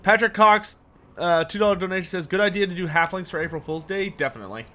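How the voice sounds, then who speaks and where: A man's voice: high-pitched, fast talker, pushed and bright. A man streaming a strategy game, chatting casually and joking while he answers his chat. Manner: laid-back, joking, answers chat questions.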